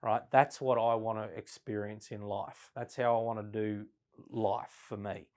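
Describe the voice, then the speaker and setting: At a flip chart in a classroom, a business sales trainer with a lowish voice teaches in a relaxed, conversational way. He often tags his points with "right?" to check in with listeners, and he slows down and varies his volume to show how tone changes meaning.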